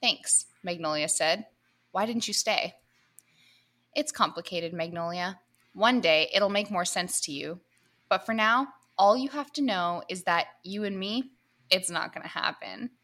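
A woman's voice: mid-range voice, measured pace, pushed and bright. A woman podcast co-host reading an erotic comedy story aloud to her co-hosts, breaking in with laughs and asides.

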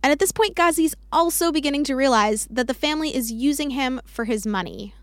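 A woman host giving scripted narration in a clear, even manner. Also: high-pitched, a little fast, no echo, studio quality.

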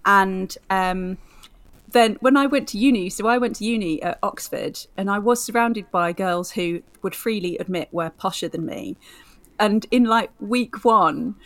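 A woman's voice: mid-range voice, measured pace, a bit bright. Chatty young woman, laughing. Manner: chatty, laughing, many fillers. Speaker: podcast co-host. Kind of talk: casual chat.

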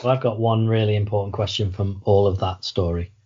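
Low-voiced man asking dry questions. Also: steady tone, a little fast, mellow, highs cut off. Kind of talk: casual chat.

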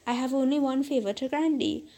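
A woman's voice: high-pitched, brisk, warm tone. A woman reading as a fierce vengeful genie. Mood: stern. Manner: stern, archaic formal speech.

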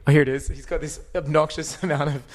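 A man's voice: a little high, level tone. A man co-hosting a podcast in loose, casual chat. He jokes, swears and laughs easily. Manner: joking, swearing, quick to laugh. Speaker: podcast co-host.

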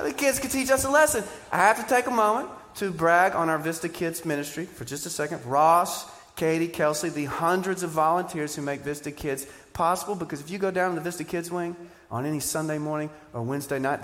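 A man preaching a sermon, animated and joking, asking the crowd questions. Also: fairly high pitch, brisk. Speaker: pastor. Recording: live church sermon with hall reverb.

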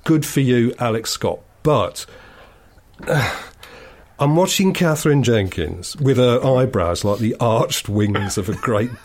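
A man's voice: on the low side, slight background noise. A man chatting casually as a co-host, sardonic and digressive, spinning long mocking stories. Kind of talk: casual chat.

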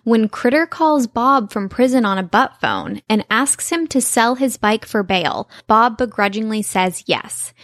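A woman's voice: fairly high pitch, unhurried, hardly any pauses, fairly bright tone, dry recording, clean studio sound. A woman co-hosting a podcast in casual chat, talking enthusiastically with lots of fillers. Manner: enthusiastic, chatty, many fillers. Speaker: podcast co-host.

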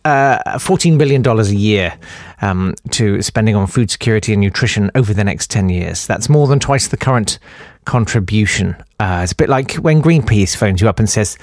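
A man's voice: on the low side, expressive, moderate pace, no echo, studio quality. Sarcastic man hosting a podcast. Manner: sarcastic, rambling, full of ums and uhs. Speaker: podcast host. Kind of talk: comic news chat.

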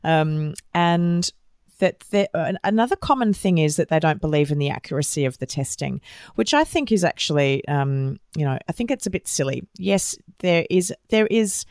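Woman host, low-pitched, measured delivery with pauses; dry, close recording. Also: animated, darkish tone, no room sound. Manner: measured, thoughtful, with hesitant fillers. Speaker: podcast host. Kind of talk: interview conversation.

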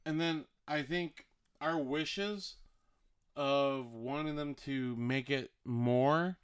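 A man in relaxed casual conversation who swears freely and sometimes draws his words out. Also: medium pitch, extremely slow, smooth, no room sound, clean studio sound. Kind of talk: casual chat.

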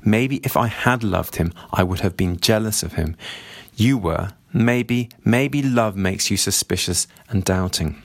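A man reading out the lines of a defiant young brother from a novel, a bit higher than his own voice. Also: a little slow, vocal fry, dry recording. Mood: stubborn. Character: young adult male brother, stubborn and defiant.

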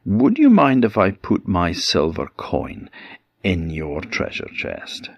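A man's voice: sits low, wildly swooping pitch, slow, creaky, no echo, muffled recording, heavily acted. A man with an Orkney accent voicing a sly, overly polite man tricking a ghost. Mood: coaxing.

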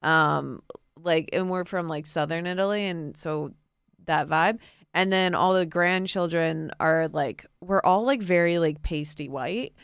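A woman's voice: fairly low pitch, measured pace, smooth, dry recording, clean studio sound. An American woman, a guest on a podcast, chatting casually with laid-back, dismissive asides. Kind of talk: casual chat.

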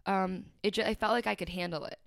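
A young woman talks candidly and emotionally about her life as a podcast guest, using lots of "like" fillers and quoting others. Her medium-pitched voice is steady and quick, with vocal fry and no room sound.

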